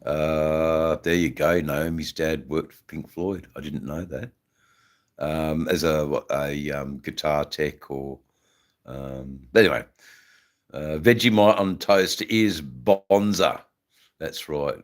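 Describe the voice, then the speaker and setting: Australian male streamer, deep and slow, halting laid-back chat full of slang. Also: steady tone. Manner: smoking while talking. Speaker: livestream host. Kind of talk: casual live-stream chat.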